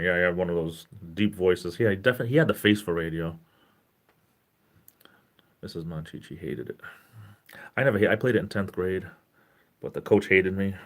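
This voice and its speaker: Man in his forties, very low voice, gentle caring tone, rambling live stream chat. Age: 40s. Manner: rambling, self-interrupting, greets chat viewers.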